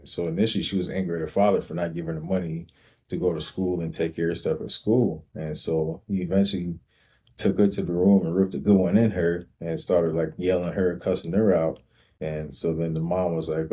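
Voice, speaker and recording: Male storyteller, low dark husky voice, slow reflective delivery, personal monologue. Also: level tone. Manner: slow, reflective, with frequent ums. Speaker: host telling his own story.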